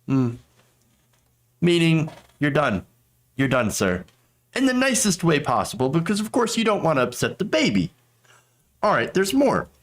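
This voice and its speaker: A man's voice: a little high, big pitch swings, normal speed, long pauses. A man hosting a political commentary show, talking in a sarcastic, mocking way.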